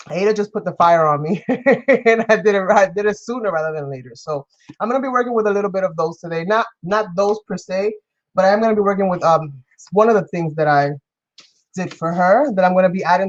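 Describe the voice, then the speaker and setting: Crafting live on stream, this New York woman gushes warmly, welcoming and thanking viewers by name in casual chat. Her voice is fairly low and her pace quick, captured with lo-fi sound.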